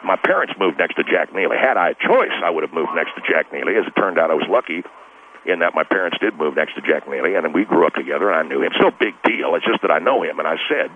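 A man doing a rambling, defensive Texas softball coach with a low, rumbling voice. He talks in long, self-correcting runs. The line is tinny like a telephone, with a faint hiss behind it. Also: animated, fast. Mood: blustering. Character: blustery, long-winded middle-aged male girls' softball coach. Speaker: caller. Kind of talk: radio comedy call-in bit.

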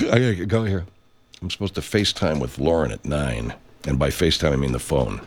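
Middle-aged male podcast host, very low voice with lively swings, casual and profane, rambling with lots of restarts. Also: moderate pace, long pauses. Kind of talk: casual reflective monologue.

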